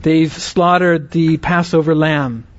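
A man teaching a Bible lesson in an earnest, explanatory way, often checking that listeners follow with quick rhetorical questions. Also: fairly high pitch, fairly even intonation, no room sound. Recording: dry, slightly dull lo-fi recording.

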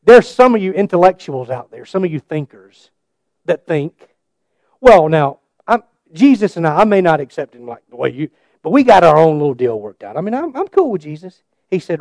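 High-voiced man preaching a sermon. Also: moderate pace, no room sound, studio quality. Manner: animated storytelling, swings between loud and hushed. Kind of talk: sermon with personal testimony.

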